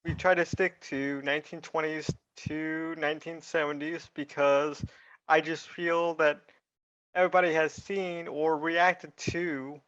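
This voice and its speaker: A man's voice: a little high, flat delivery, measured pace, fairly bright tone, lo-fi sound. A man co-hosting a movie reaction, explaining things earnestly and at length. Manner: earnest, rambling. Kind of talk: casual reaction chat.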